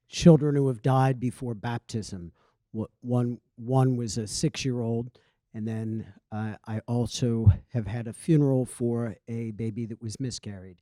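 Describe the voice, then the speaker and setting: A male priest answering from the audience in a measured, formal way, with hesitant uhs. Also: medium pitch, warm tone, dry recording, clean studio sound.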